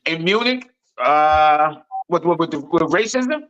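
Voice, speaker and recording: An American man on a podcast panel, telling stories in a loud, animated voice and swearing a lot. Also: a little high, unhurried. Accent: American English. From United States. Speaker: panel guest. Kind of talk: casual storytelling on a podcast panel. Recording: dull lo-fi remote audio.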